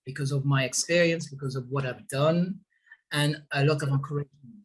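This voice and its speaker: A middle-aged man from Guadeloupe with a French accent touched by British vowels, talking haltingly as an interview guest and laughing often. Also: mid-range voice, steady tone, breathy edge. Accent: French with British tinge. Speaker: restaurant owner guest. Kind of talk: casual interview talk.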